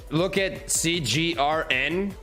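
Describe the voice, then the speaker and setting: A man's voice: fairly high pitch, slow, bright, forceful tone. A man hosting a live stock trading stream, talking casually through charts with repeats and fillers, faint music behind. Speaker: livestream stock trading host.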